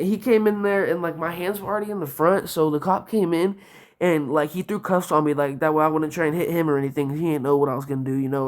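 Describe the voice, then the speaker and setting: A man's voice: on the high side, darkish tone. A young man casually telling a story, rambling and profane, with lots of filler "like". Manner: profane, rambling, heavy use of "like". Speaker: vlogger.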